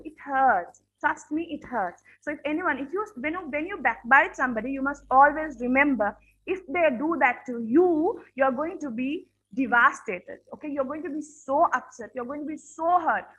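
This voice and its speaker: A woman's voice: high-pitched, fairly bright tone, highs cut off. A woman teacher giving a classroom lesson on manners, speaking earnestly, repeating her points and checking in with her students.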